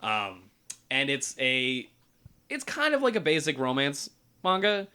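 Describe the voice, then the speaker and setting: Young male podcast host, bright-toned, casual animated storyteller who swears freely. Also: medium pitch, unhurried, clear, resonant tone. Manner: animated, acts out characters while retelling a story.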